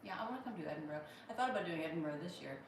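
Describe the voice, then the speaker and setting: A woman's voice: on the low side, animated, racing, recorded from a distance. A woman comedian hosting a casual livestream, reading viewer comments aloud and rambling with many restarts. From Pittsburgh. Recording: very echoey room, voice off-mic, faint hum.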